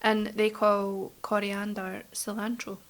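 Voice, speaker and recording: A woman's voice: mid-range voice, monotone. A Scottish woman co-hosting a casual podcast chat, chiming in often and agreeing easily. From Scotland. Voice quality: supportive, agreeable, quick to chime in. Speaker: podcast co-host.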